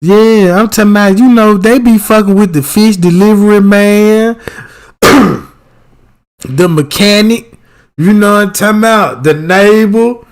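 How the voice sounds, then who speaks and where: Speaking at an unhurried pace, this livestream host has a fairly high male voice and a loose, profane way of rambling. His casual commentary is peppered with checks like "you know what I'm talking about" to make sure viewers keep up.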